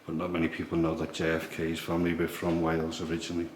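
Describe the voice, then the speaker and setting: Man, very deep monotone voice, hushed tour-guide vlog, echoey room with noise. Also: fast talker. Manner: hushed, low-key explaining. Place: museum in an old priory, indoors.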